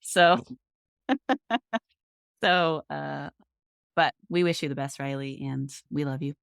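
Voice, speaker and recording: A woman's voice: low-pitched, lively intonation, takes it slowly, creaky, clear, resonant tone, dry recording, clean studio sound, soft background music. A woman hosting a podcast, telling stories in an upbeat, conversational way. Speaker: podcast host. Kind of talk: casual chat.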